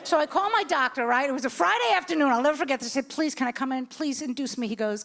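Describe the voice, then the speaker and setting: A woman's voice: high-pitched, fast talker, gravelly, few pauses. A woman in her sixties doing a stand-up comedy set, telling stories animatedly and voicing the people in them. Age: 60s. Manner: animated storytelling with voiced characters. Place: comedy club stage. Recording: live club recording with background noise.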